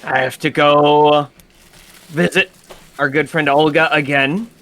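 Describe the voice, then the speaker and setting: A man's voice: a little high, fairly even intonation, slow, fairly bright tone. A man playing a tabletop game, talking in character and rambling with fillers and restarts. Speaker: player.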